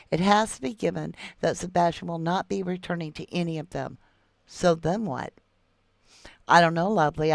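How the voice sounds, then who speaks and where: A woman's voice: sits low, gravelly, no echo. A middle-aged woman hosts a true crime livestream, reading viewer comments and calling them love and sweetheart.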